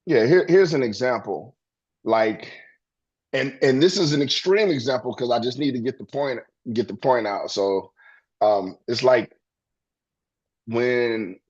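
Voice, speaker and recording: A man's voice: mid-range voice, a little slow, darkish tone, highs cut off. A man co-hosting a podcast, telling stories earnestly in a casual, rambling way. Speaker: podcast co-host. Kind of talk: casual spiritual chat.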